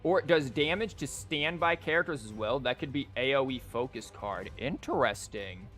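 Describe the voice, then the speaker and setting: Man, casual live-stream chat, rambling, filler-heavy, middle pitch, soft background music. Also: expressive, normal speed. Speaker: streamer and teacher. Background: faint music.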